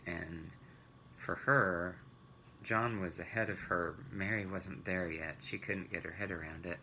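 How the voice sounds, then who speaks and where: Male children's Bible teacher, gentle storyteller, gravelly and slow-paced. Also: low voice, fairly even intonation, slight background noise, rough recording.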